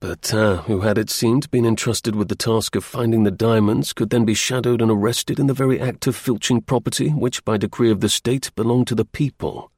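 A man reading a historical novel aloud as an audiobook narrator, with measured, dramatic storytelling. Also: fairly low pitch, fairly even intonation, darkish tone, husky, no echo, studio quality.

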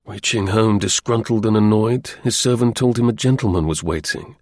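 A male audiobook narrator reads a novel in scripted narration, keeping his storytelling even and measured. His pitch is fairly low, and the studio-quality recording has no echo.

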